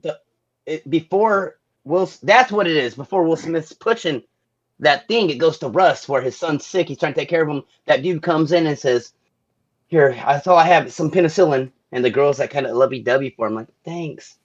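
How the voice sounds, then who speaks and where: A man with a fairly high voice chats casually on a podcast, swearing and correcting himself as he goes. The sound is muffled and lo-fi. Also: fairly quick. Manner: casual, swears, loses his place and restarts. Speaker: podcast co-host. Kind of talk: casual chat. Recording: dull lo-fi sound.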